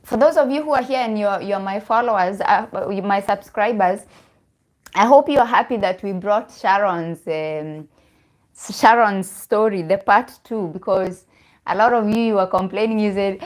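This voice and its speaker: A young woman with a Kenyan accent chats casually on a live stream as a vlogger, laughing often and restarting her phrases. Her voice is mid-range and her pace measured.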